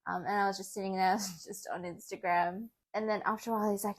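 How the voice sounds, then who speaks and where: A young woman, chatting casually in a vlog, animated and often laughing as she acts out what others said. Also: medium pitch, fast, few pauses. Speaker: vlogger.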